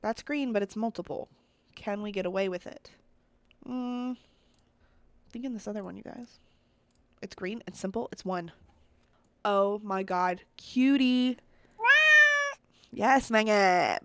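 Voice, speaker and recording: A woman of middle pitch chats her way through a game-building session, thinking aloud, second-guessing her picks and turning to the viewers now and then. Her voice is close and dry, with no room sound around it. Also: fairly even intonation, unhurried, long pauses, no room sound. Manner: chatty, thinks aloud, often addresses the viewers. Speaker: Sims content creator. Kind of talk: casual commentary while playing a game.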